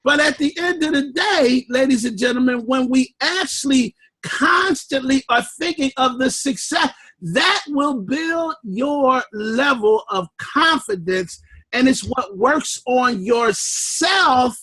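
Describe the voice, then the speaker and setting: Man, motivational host, very high voice, pitch swooping all over, shouting and preaching, dry sound. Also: lively intonation, slow pace, slightly rough, dry recording. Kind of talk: fired-up motivational talk on a conference call.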